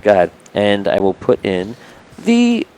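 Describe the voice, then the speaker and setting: A man's voice: fairly low pitch, huge pitch swings, a little slow, darkish tone, slight background noise, poor audio. A man narrating a tabletop game as game master on a live stream, rambling with many restarts.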